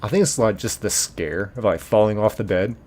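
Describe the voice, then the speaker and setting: A man hosting a casual live stream, reading viewer comments aloud in an animated way, laughing easily and thanking viewers by name. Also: lowish voice, brisk. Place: apartment bedroom.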